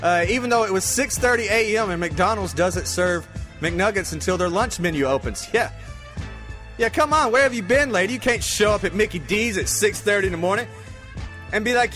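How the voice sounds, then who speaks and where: A man's voice: sits high, expressive, a little fast, a bit bright, soft background music. A man hosting his own podcast, rambling casually and jokingly, reading out news with plenty of swearing. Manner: loose, rambling, profane, jokey. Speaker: podcast host. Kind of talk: casual comedic podcast talk.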